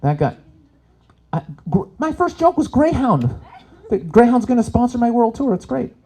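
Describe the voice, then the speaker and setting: A man doing a live stand-up comedy set on an event stage, swearing freely and swinging between loud punchlines and low asides. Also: big pitch swings, normal speed, slightly rough.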